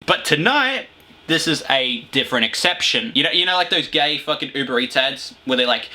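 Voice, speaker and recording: A man's voice: mid-range voice, lively intonation, a little fast, bright, forceful tone. An Australian man from Victoria hosting a comedic review and ranting in a crude, profane, sarcastic way, laughing at his own jokes. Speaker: video reviewer.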